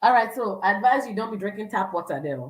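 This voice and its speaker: A woman's voice: mid-range voice, lively intonation, fast, echoey room, far from the mic, poor audio. A woman giving casual travel advice as a vlogger, chatty with lots of fillers, acting out quoted voices.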